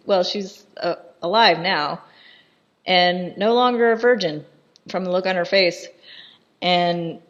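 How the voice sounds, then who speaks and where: A woman talks her way through a film in a loose, irreverent commentary, laughing at the scenes as they unfold. Her voice sits a little low and she speaks slowly, taking her time. The recording is dull and lo-fi.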